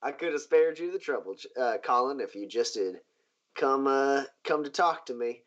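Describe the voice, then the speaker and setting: A man voicing a smooth, scheming riverboat boss who drawls his offers slowly with hesitant pauses. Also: mid-range voice, animated, fairly bright tone, close to an everyday voice. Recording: dull lo-fi recording.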